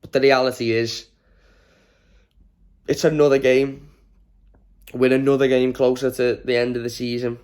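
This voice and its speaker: A man's voice: medium pitch, flat delivery, moderate pace, long pauses, darkish tone. A man hosting a fan channel, giving a frustrated, swearing post-match reaction rant to camera while exhausted from little sleep.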